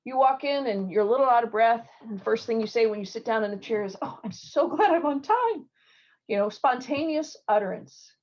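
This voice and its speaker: A middle-aged woman surgeon giving interview advice in an online talk, telling stories lively and acting out the people she quotes. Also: on the high side, fast talker, few pauses. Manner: lively storytelling with acted quotes. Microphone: video call. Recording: dull lo-fi video call audio.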